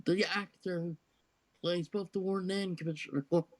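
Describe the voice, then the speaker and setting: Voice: mid-range voice, fairly even intonation, moderate pace, noisy background. A co-host in a casual gaming chat, easygoing and agreeable, adding bits of trivia. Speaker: podcast co-host.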